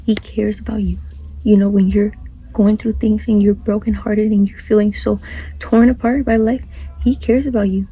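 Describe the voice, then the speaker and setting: A young woman speaking earnestly to camera about faith, soft-spoken and often slipping into a whisper, rambling and repeating herself. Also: medium pitch, level tone, moderate pace, slightly rough, rough recording. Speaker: Christian YouTuber.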